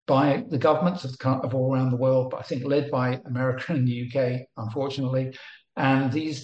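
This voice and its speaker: A man's voice: medium pitch, a little mellow, muffled recording. Older man talking in an echoey room. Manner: rambling, with restarts and emphatic asides. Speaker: co-host. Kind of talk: conversational monologue. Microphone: remote call.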